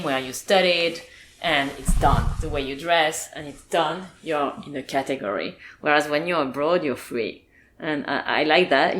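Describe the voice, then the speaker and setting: Low-voiced lady host, calm measured chat in an apartment, slight hiss. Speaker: podcast host, diplomat. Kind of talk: casual interview conversation. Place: apartment room.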